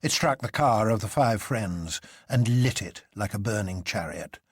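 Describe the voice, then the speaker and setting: Expressive story narrator, dry sound. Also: mid-range voice, a little slow, slightly rough, no room sound. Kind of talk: scripted narration of a novel.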